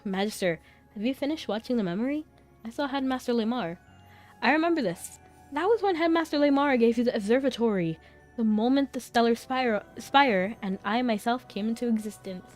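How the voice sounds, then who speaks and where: Woman voicing a calm game guide spirit, quiet, even read. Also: fairly high pitch, close to an everyday voice.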